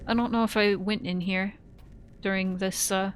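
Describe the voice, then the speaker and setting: A woman's voice: medium pitch, fairly even intonation, normal speed, a little hiss or hum. A woman streaming a game, chatting casually and rambling with frequent fillers and self-corrections. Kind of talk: casual let's-play commentary.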